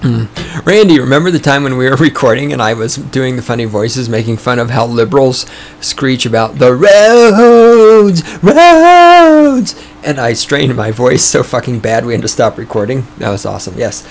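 A man hosting his own podcast, talking in a sarcastic, profane, ranting way, his voice starting to go hoarse. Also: mid-range voice, steady tone, brisk, a little hiss or hum. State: voice going hoarse. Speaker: podcast host. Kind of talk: casual opinionated podcast monologue. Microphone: studio microphone.

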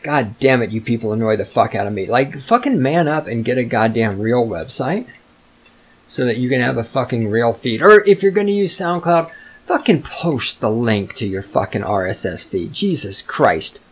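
A man rants alone into the mic, swearing at nearly every turn. His delivery is exasperated and heavy with sarcasm. His voice sits at an ordinary middle pitch. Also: sing-song, normal speed, husky. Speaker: podcast host. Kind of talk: profane solo rant.

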